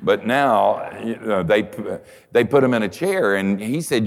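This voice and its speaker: An older man preaching a conversational sermon, telling folksy stories and swinging from soft asides to emphatic points. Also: lowish voice, unhurried, gravelly.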